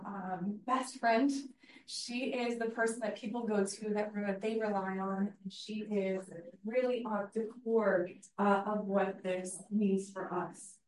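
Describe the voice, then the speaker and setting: A woman's voice: medium pitch, a little mellow. A woman teacher giving an earnest, story-driven public speech, with frequent fillers. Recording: echoey hall from far off.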